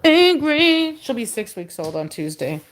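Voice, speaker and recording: A woman's voice: medium pitch, lively intonation, moderate pace, a bit bright. Woman on a livestream, chatty and teasing, goofs around with puppies, slight hiss. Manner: chatty, teasing, talks to puppies in playful scolding tones. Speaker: dog breeder hosting a livestream. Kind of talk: casual livestream chat.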